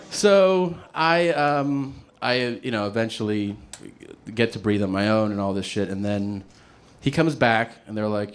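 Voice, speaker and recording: A man doing stand-up, telling a story in a lively, profane way and laughing as he goes. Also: lowish voice, normal speed, slight background noise. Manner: animated, profane, laughing through his story. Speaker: stand-up comedian.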